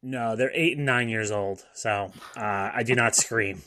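A man's voice: mid-range voice, a little slow, pushed and bright, dry recording. A man who is a sports beat writer, guesting on a podcast and talking in an easygoing, matter-of-fact way. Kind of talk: casual sports podcast chat.

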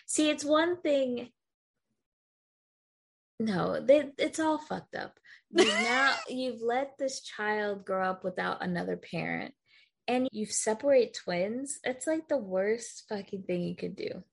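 Young female co-host, blunt and sweary, gravelly tone. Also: a little high, lively intonation, takes it slowly. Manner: blunt, swears freely when exasperated. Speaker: podcast co-host. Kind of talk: casual movie recap chat.

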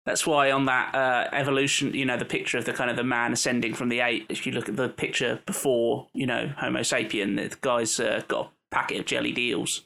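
A man's voice: mid-range voice, level tone, a little fast, vocal fry, hardly any pauses, pushed and bright. A man from London co-hosting a casual film podcast, with dry, teasing remarks. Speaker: podcast co-host.

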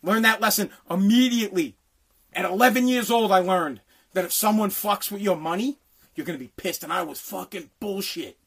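A man ranting angrily, swearing constantly and often breaking into shouts. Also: high voice, moderate pace, slightly rough. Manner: profane, heated, often shouting. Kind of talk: angry political rant.

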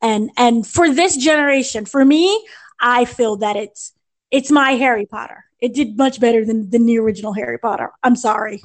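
A woman's voice: on the high side, moderate pace. A young American woman reviewing a film on a podcast, gushing and rambling with restarts and fillers. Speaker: entertainment editor reviewing a film.

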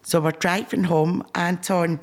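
A woman telling her business story in an interview, acting out the dialogue with animation. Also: measured pace. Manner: animated, acts out dialogue with rising pitch. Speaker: guest, business founder. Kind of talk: storytelling in conversation.

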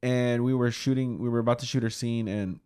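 A man's voice: medium pitch, steady tone, brisk, a little mellow, clean tone. A young man hosting a casual chat, telling a rambling, chatty story with easy laughs.

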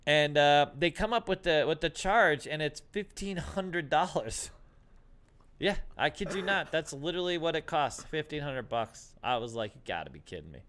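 A man's voice: fairly high pitch, animated, moderate pace, fairly bright tone, clear, resonant tone. A middle-aged man telling stories in casual chat, acting out dialogue and laughing often.

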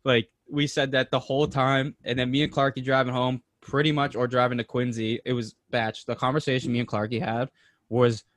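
A man co-hosting a podcast, telling a story in an excited, animated way with plenty of slang and swearing. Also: medium pitch, a little fast, dry recording. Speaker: podcast co-host. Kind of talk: casual storytelling chat.

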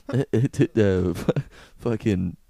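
A man's voice: on the low side, very slow, creaky, warm tone, dry recording. A young man co-hosting a podcast, chatting casually with crude jokes and frequent laughter. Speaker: podcast co-host. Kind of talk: casual chat. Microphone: podcast mic.

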